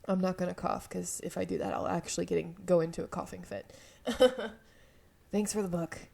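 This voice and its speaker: A young woman with a slightly hoarse throat, reading an otome game aloud and often stopping to laugh and comment. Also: lowish voice, a little fast, darkish tone. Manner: giggly, breaks off to laugh and comment. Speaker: let's-play video creator.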